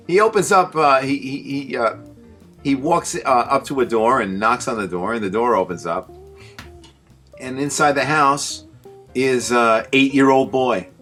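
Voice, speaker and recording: A man hosting a casual show, telling comic stories in an animated way and laughing at his own jokes. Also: mid-range voice. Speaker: show host. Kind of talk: casual comedic storytelling.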